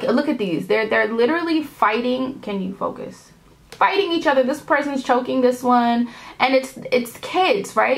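A woman from New York City giving a casual tarot reading to her viewers. She is animated and rambling, with slang, swearing and big swings in pitch. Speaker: tarot reader.

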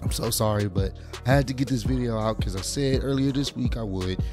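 A young man with a hoarse, nearly lost voice, casually reacting to wrestling clips as host of his own video. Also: mid-range voice, fairly quick, music in the background. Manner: laid-back, chatty, swears now and then.

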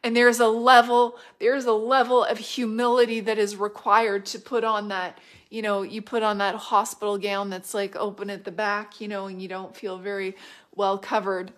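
A middle-aged woman delivering a prophetic word, fervent and repetitive, swinging between loud declarations and hushed whispers. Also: medium pitch, level tone, normal speed. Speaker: prophetic minister.

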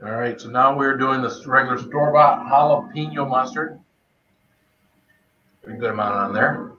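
Hosting a spicy food tasting on a livestream, a man chats and greets viewers by name while he eats, using a bright, forceful mid-range voice at normal speed. The recording is dull lo-fi stream audio.

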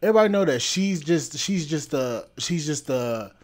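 A man with a somewhat high voice rants on his podcast. He is blunt and scolding, and he hammers the same points over and over. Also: animated, moderate pace. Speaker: podcast host. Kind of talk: opinion rant.

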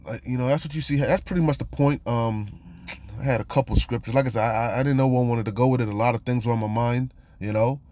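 A man reads scripture and comments on it in a loose, conversational style, warning his listeners. He keeps falling back on "you know" and "man". His voice sits at a middling pitch and sounds close and dry, with no room sound. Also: fairly even intonation, fast, a little mellow, no echo. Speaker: scripture teacher. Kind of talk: informal scripture study and warning.

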